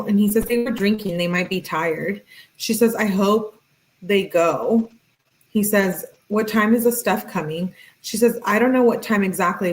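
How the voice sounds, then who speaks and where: A woman with a medium-pitched voice hosts her channel, reading text messages aloud plainly and pausing now and then for casual asides. The recording quality is low.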